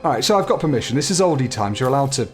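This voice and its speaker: A man's voice: medium pitch, animated, very fast, darkish tone, faint music behind. A man chatting casually as he plays a game, laughing and swearing freely. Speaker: game player. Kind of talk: casual let's-play commentary.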